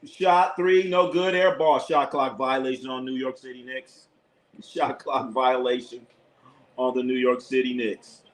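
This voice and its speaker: A man doing casual live play-by-play for his online chat, with a voice of ordinary middle pitch. He is blunt and opinionated, swears freely, and tends to say the same line two or three times over. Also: steady tone, measured pace, poor audio. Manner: blunt, opinionated, profane, repeats himself. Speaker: live sports commentator, channel host.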